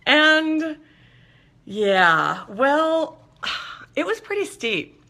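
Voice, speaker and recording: A woman hosting a talk show, telling a personal story in a lively, chatty way with playful asides. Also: sits high, drawn-out words, vocal fry. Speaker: show host.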